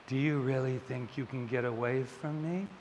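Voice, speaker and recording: A quiet, drawn-out threat from a male killer on the phone, as a preacher puts him on. He speaks low and slow. The sound carries a long reverb from a hall with faint ambience. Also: fairly even intonation, a little hiss or hum, close to an everyday voice. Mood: menacing.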